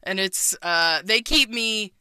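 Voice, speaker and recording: A woman, chatting as a radio guest, animated and emphatic and quick to laugh. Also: medium pitch, noisy background. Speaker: guest, mother of two. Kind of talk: casual radio chat.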